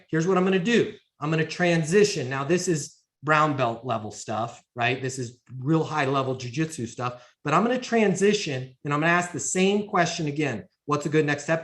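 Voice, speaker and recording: High-voiced, emphatic man coaching salespeople. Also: a little fast, a bit bright. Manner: emphatic and coaching, acts out short sales dialogues. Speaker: sales trainer. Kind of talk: sales training talk to a live audience.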